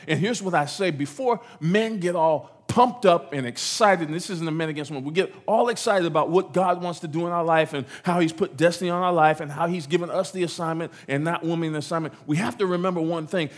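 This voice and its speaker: A man's voice: fairly high pitch, fairly quick, few pauses. A man preaching a sermon to a congregation in a church, repeating phrases and acting out voices as he goes. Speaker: pastor.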